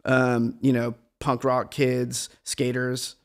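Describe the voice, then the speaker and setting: A man's voice: medium pitch, monotone, slow pace, smooth. A middle-aged man, a guest musician, talking in a meandering, reflective and self-deprecating way in a casual conversation.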